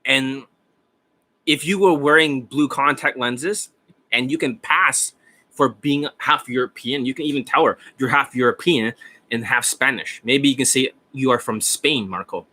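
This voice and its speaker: Bright-voiced, profane dating coach, rambling. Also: male voice, medium pitch, a little slow. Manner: rambling, profane, often laughing. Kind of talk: casual rambling livestream talk.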